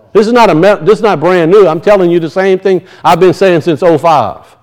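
High-voiced preacher. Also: male voice, rough recording. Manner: preaching with frequent rhetorical questions to the congregation. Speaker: pastor. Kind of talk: sermon.

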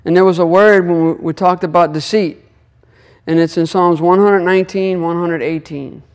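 A man's voice: high-pitched, fairly even intonation, normal speed, clean tone. A man giving an earnest devotional teaching on scripture, repeating phrases and praying aloud. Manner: earnest, repetitive, prays aloud. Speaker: Torah teacher.

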